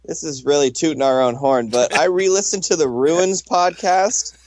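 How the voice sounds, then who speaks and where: A man co-hosting a podcast, rambling and joking with casual swearing. His voice sits a little high for a man. The recording is dry. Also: normal speed, a little mellow, no room sound. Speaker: podcast co-host. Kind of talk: casual chat.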